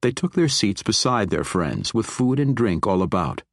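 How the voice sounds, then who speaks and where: A man narrating a fantasy audiobook in a measured, expressive way. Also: on the low side, no room sound, studio quality.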